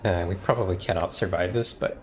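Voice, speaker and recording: Deep-voiced man casually streaming a game. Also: fairly quick, a crowd in the background. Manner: hesitant, many fillers, reads game text aloud. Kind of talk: casual let's-play commentary. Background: game music.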